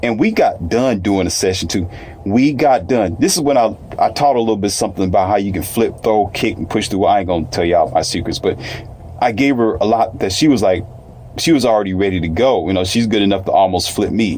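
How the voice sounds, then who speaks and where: A man's voice: on the low side, a little fast, darkish tone. A man telling a personal story in casual, colloquial speech, repeating phrases and addressing listeners directly.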